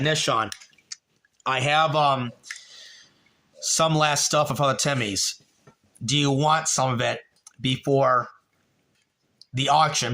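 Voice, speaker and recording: A man talking casually on a live stream, rambling and halting with many fillers, and growing emotional about a dead relative. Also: medium pitch, bright, forceful tone. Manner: rambling, repeats a friend's name, halting with fillers.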